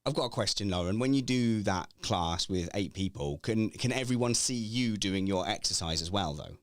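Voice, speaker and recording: Joking middle-aged man, low and dry. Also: moderate pace, no room sound. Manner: rambling, joking, restarts. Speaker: podcast host. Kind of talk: casual chat. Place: home, remote call.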